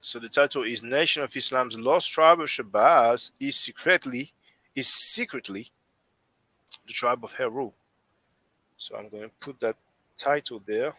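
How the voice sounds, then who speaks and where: A man's voice: medium pitch, measured pace, long pauses, bright, forceful tone, no room sound, rough recording. A man with a French accent hosting a casual live stream discussion, rambling and often restarting his sentences as he thinks aloud. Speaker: host.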